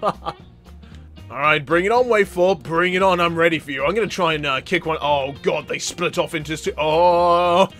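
Excitable high-voiced gaming host. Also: male voice, moderate pace, faint music behind. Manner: excitable, yelling and laughing at the game. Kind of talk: let's play commentary.

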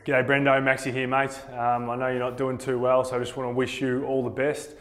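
A man's voice: medium pitch, completely flat delivery, a little fast, a bit bright. An Australian man giving an earnest, encouraging video message of support.

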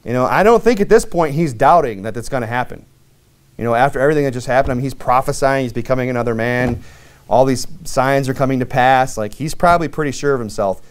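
A young American man preaching a sermon, talking to his congregation like it's a conversation. He rambles a bit, restarts his sentences and fills the gaps with "you know," and his voice sits at an everyday middle pitch. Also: quick pace, smooth. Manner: conversational, folksy preaching with frequent fillers and restarts. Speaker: pastor.

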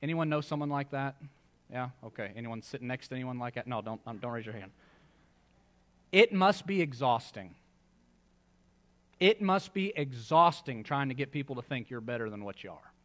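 A man's voice: medium pitch, expressive, moderate pace, fairly bright tone. A male pastor preaching a sermon in a church, in a conversational style with joking asides to the congregation. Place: church sanctuary.

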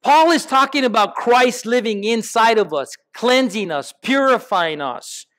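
Man, high-pitched voice, pastor, sermon, church sanctuary, emphatic lists, questions to the congregation. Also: lively intonation, measured pace, fairly bright tone.

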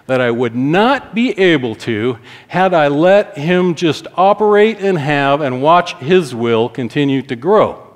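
A middle-aged pastor with a slightly high voice preaches a sermon. He tells a family story and acts out the stern words he once said to his child.

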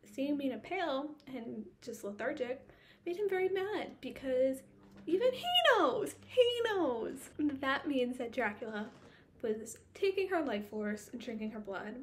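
A woman with a fairly high voice talks through a book recap for her vlog, casual and animated. She rants in exasperation and fires off one rhetorical question after another. A faint hiss sits under the recording. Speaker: book vlogger.

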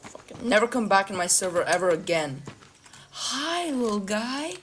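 A woman's voice: medium pitch, big pitch swings, moderate pace, fairly bright tone. A woman chatting casually in a game's voice chat, joking and trolling other players and swearing often. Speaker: gamer. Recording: game sounds and noise behind.

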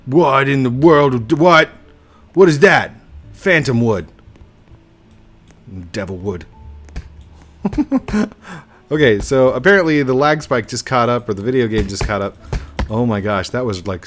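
A young man giving chatty, excitable live commentary while he plays a game, breaking into baby talk with his in-game dog. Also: fairly low pitch. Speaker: gaming streamer. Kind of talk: casual live gameplay commentary. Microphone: desk mic with webcam.

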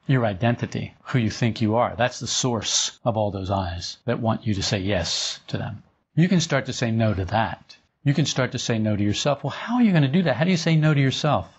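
A man's voice: mid-range voice, slightly rough. A man teaching a group in an informal spiritual talk, conversational and chuckling often. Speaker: esoteric teacher. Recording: dull lo-fi recording.

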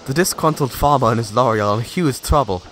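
A man's voice: medium pitch, brisk, a bit bright, faint music behind, natural voice. A man voicing a gossipy male engine who chortles as he shares news, in a storybook tale. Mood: gleeful. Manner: gleeful, gossipy. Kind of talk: storybook character voice.

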